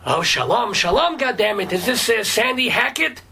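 A man's voice: sits high, animated, normal speed, creaky, pushed and bright, a little hiss or hum, full character voice. A man voicing a cranky, foul-mouthed older rabbi with a phlegmy, throaty voice, rambling and swearing in a comedic radio bit. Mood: blustery. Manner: rambling, blustery, swears casually.

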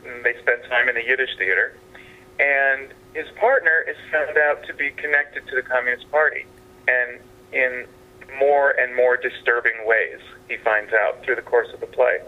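A man who is a playwright and actor, speaking as a guest in a phoned-in interview from a house, halting and meandering, with restarts. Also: mid-range voice, fairly even intonation. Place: at his father's house. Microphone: telephone. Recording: tinny phone line.

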